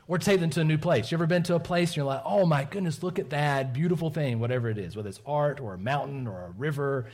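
A man's voice: medium pitch, darkish tone. A man preaching a sermon, chatting playfully with a child in front of the congregation and laughing easily. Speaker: pastor.

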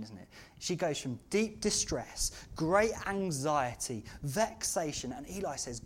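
A preacher delivers a Christmas-season sermon to a church congregation. The delivery is earnest and heartfelt. At its peaks it swells into loud, impassioned outcries. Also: mid-range voice, very animated, unhurried, slight background noise.

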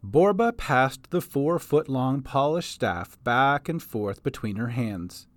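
A man narrating his homemade audio story, lively and scripted. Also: mid-range voice, takes it slowly, soft background music. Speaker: podcast storyteller. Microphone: home recording setup.

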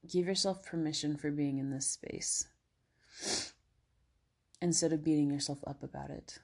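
A woman with a low, slightly breathy voice hosts a casual self-help podcast. She talks gently and encouragingly, full of everyday fillers, and at times eases into soothing guided relaxation. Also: steady tone, moderate pace. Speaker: podcast host.

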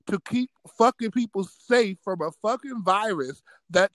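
A man guesting on a podcast, with a high voice and a slow, drawn-out way of talking. He sounds exasperated and sarcastic and laughs often. The sound is close and dry. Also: animated, a bit bright, dry recording. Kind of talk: casual profane chat.

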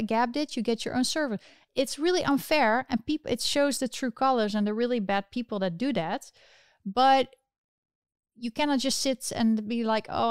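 Woman ranting about politics, dry close mic, super clear voice. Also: a little high, no room sound. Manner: animated, indignant, restarts often. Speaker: political commentary host. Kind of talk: casual political commentary.

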